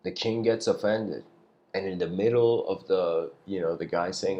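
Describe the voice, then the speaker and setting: Brief: low-voiced male lecturer, loose, rambling spiritual storyteller. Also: fairly even intonation, normal speed, dark tone. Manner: loose and rambling, restarts and clears throat.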